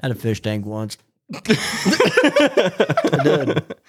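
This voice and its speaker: A man's voice: on the high side, wildly swooping pitch, drawn-out words, husky, no echo. A man co-hosting a podcast in casual chat, laid-back and casually profane. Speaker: podcast co-host.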